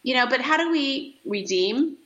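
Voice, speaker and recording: An older woman, a grandmother, telling a story on a podcast in a casual chatty way and acting out her own lines with a lively lift in her voice. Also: normal speed, dull audio. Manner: animated, acts out her own lines in a higher voice. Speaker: podcast co-host.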